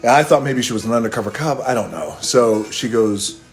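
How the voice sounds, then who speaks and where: A middle-aged man from Hawaii telling a long personal story in a relaxed, rambling way on a phone live stream, stopping for toasts and asides. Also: medium pitch, fairly quick, faint music behind.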